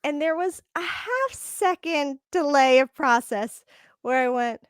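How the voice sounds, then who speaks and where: Podcast host, woman, high voice, animated storyteller, dry close mic. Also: a little slow, no echo. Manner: animated storytelling, laughing often. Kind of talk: casual chat.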